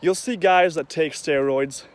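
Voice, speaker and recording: A man's voice: a little high, measured pace. A man talking casually to the camera in a rambling, conversational vlog, now and then acting out the voices of people he quotes. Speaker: vlogger.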